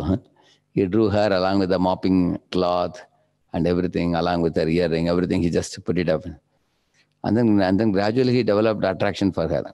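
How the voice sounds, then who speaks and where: A man giving a devotional lecture, telling a story and often checking in with the audience with a quick "huh?". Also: low-pitched, creaky, warm tone. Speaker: spiritual lecturer.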